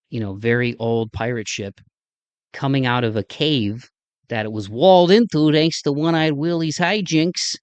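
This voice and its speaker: A man's voice: medium pitch, dry recording. A man with a Midwestern accent hosting a podcast, rambling enthusiastically through a casual solo outro. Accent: Midwestern American. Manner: rambling, enthusiastic, self-deprecating. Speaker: podcast host.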